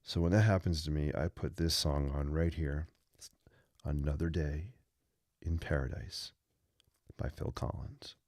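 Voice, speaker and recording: A man's voice: extremely low pitch, fairly even intonation, a little slow, pauses often, a little mellow, no echo, clean studio sound. A man hosting a live sketching stream, chatting casually and rambling with joking asides as he draws. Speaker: livestream host teaching sketching. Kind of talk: casual live-stream chat while drawing.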